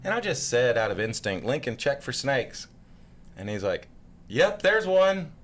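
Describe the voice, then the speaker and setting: A man in his thirties telling a story in casual podcast chat, acting out other voices along the way. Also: normal speed. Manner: animated storyteller, acts out voices with big pitch jumps. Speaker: podcast co-host.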